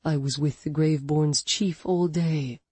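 A woman voicing a gruff, quick-tempered man in an audiobook, growling and barking his words. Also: low-pitched, fairly even intonation, a little mellow, no room sound.

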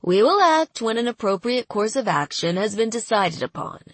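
An aloof female agent reciting procedure, voiced by a woman reading. The delivery is measured and breathy, recorded dry. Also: on the high side, no echo, voice pushed up. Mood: indifferent. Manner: flat, procedural. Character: cold, bureaucratic female agent.

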